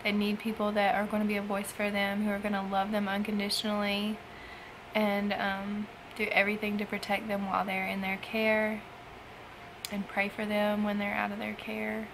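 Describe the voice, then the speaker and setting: A young woman speaks in a personal vlog, emotional after a night of crying, her sentences halting and trailing off into sighs. Her voice has a gravelly fry and stays fairly level in pitch. A faint hiss sits under the recording. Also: completely flat delivery. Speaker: foster parent vlogger.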